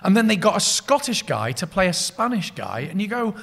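Lively bright-voiced man chatting. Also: high voice, moderate pace, creaky. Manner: lively, explains with quoted asides. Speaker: podcast co-host. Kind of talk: casual pub chat.

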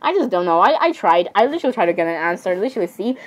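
A young woman giving excitable, dramatic casual commentary, often repeating exclamations and laughing. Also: medium pitch, rapid-fire. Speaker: narrator voicing characters.

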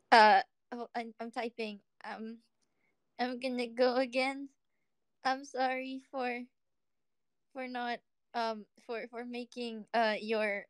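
A woman guest in a casual livestream chat who sounds excitable and keeps apologizing. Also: a little high, smooth, dry recording.

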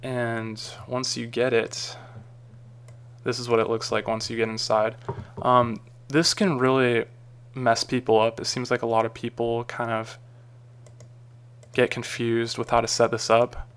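A man talking through a screen-recorded software tutorial in a casual, rambling way with frequent ums and uhs. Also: mid-range voice, level tone, measured pace, smooth. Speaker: tutorial maker.

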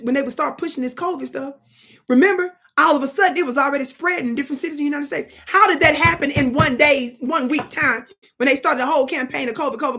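A woman's voice: high-pitched, sharp tone. A middle-aged woman giving emphatic, casual commentary to camera, talking straight to her viewers. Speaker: political commentary vlogger.

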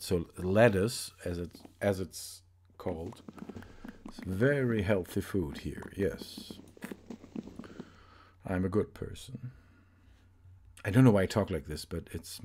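A man's voice: on the low side, dark tone. A man hosting a let's play, giving casual, rambling gaming commentary and often correcting himself as he goes. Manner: rambling, chatty, self-correcting.

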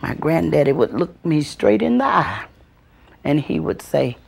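A woman storyteller with a gravelly, husky voice tells family tales with big swings in pitch. She calls out the voices in her stories and then drops to a hush. The sound comes from an old VHS tape. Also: sing-song, measured pace.

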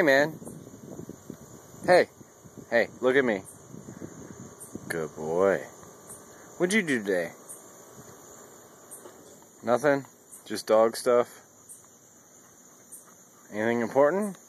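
A young man chatting casually to his dog at home, rambling and a little tipsy, switching into a high playful voice for the dog. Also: big pitch swings, takes it slowly, long pauses, a little hiss or hum. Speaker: vlogger. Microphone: phone camera.

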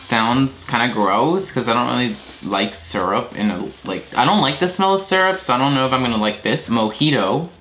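A man's voice: medium pitch, lively intonation, moderate pace, few pauses, fairly bright tone. A young man chatting casually as host of his own vlog, unfiltered and swearing now and then. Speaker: vlogger. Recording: noisy home video.

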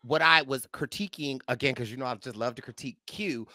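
A man's voice: mid-range voice, brisk, pushed and bright, no room sound, clean studio sound. A man hosting a podcast, chatting casually about a reality show, playful and slangy as he acts out his own reactions. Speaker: podcast host. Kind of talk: casual reality-TV recap chat.

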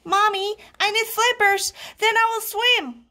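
A woman voicing a timid young boy frog who whines in a high, squeaky voice. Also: fairly even intonation, measured pace, bright, forceful tone, exaggerated voice. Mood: whiny.

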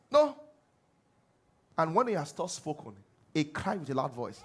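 A man pastor with a Nigerian accent delivers an animated sermon. His voice sits high and swings widely in pitch. A husky, slightly rough tone runs through it as he moves between quiet mimicked prayers and loud calls to the congregation. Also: normal speed, pauses often.

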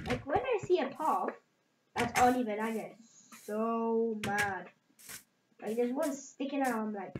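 A woman hosting a gaming channel, chatting in a rambling, jokey way to her viewers while she plays. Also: on the high side. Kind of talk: casual let's-play commentary. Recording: echoey room with clear background noise.

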